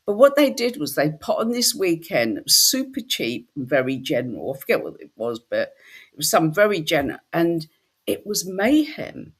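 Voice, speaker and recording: Woman host, husky voice, very lively pitch, chatty storyteller. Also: normal speed. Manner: animated storytelling, slips into quoted voices. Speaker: spiritual workshop host. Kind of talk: casual chat.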